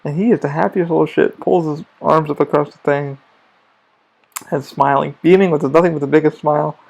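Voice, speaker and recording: A man's voice: on the high side, steady tone, a little fast, creaky, a little mellow, lo-fi sound. A man hosting a podcast, telling rambling stories about his theme park job in a casual monologue full of profanity. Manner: profane, storytelling, emphatic. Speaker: podcast host.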